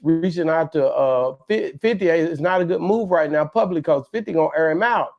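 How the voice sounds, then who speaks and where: A man with a slightly high voice talks easygoing and unhurried, restarting his sentences as he thinks them through. The audio is a bit dull and lo-fi. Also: vocal fry. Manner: relaxed, hesitant with repeated starts. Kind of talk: casual chat.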